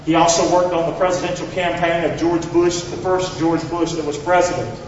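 A pastor preaching in a cavernous, ringing church, his rather high man's voice picked up from a distance. He urges the congregation to repeat after him, then drops to a hushed, earnest tone. The sound is a bit muffled. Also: steady tone, brisk, noisy background. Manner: call-and-response preaching, swinging from loud to hushed. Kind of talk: Father's Day sermon. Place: church sanctuary. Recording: very echoey hall, distant mic, slightly dull.

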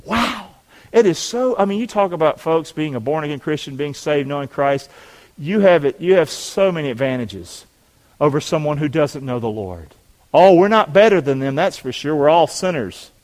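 Preacher shouting in a church hall. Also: male voice, on the high side, expressive, normal speed. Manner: preaching with call-and-response, rising to shouts. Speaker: pastor. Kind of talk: sermon. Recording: long hall reverb.

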